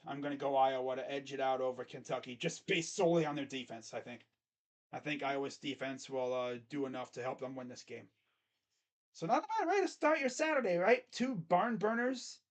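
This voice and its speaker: A man hosting his own channel, giving casual sports predictions in a rambling, self-correcting way. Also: medium pitch. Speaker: host. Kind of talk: casual sports picks commentary.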